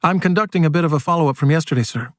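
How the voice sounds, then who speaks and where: A man reading aloud and voicing a brisk woman federal agent who speaks fast, with clipped, sharply polite phrasing. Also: a little high, no room sound, studio quality, voice pushed up, natural voice. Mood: pointed.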